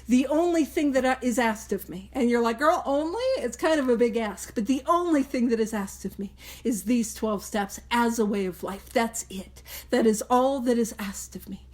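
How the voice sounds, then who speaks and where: A woman's voice: a little high, a little mellow. A woman hosting a study podcast, talking earnestly and emphatically with playful asides. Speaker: podcast host leading a study group. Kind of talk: casual study talk.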